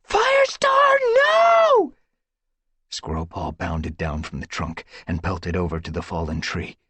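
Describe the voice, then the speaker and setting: A man with a husky voice reading an audiobook with dramatic, tense storytelling. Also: very deep voice, little pitch movement, moderate pace, dry recording. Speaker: audiobook narrator. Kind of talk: dramatic scripted narration.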